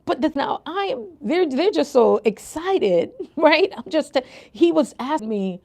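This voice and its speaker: A woman's voice: high-pitched, very animated, a little slow, vocal fry, a little mellow. An older woman from Jamaica with a Jamaican accent, hosting a casual livestream and chatting with her viewers, laughing often. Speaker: nurse coach and livestream host.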